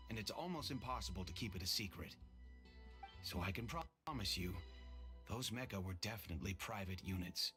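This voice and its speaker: An actor playing an affable man who liaises with the city guards in a video game, measured and reassuring. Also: on the low side, pushed and bright.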